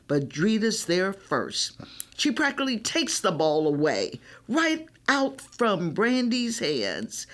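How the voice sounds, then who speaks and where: A woman reading a children's novel aloud, telling it in the first person with an expressive delivery. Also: medium pitch. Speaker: reader.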